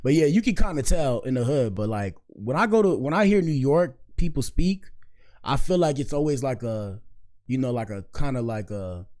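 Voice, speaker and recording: A man's voice: mid-range voice, expressive, normal speed. Rambling man reacting to clips. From Miami, Florida. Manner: rambling, slangy, frequent shout-outs. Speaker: commentary show host. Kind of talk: casual reaction commentary.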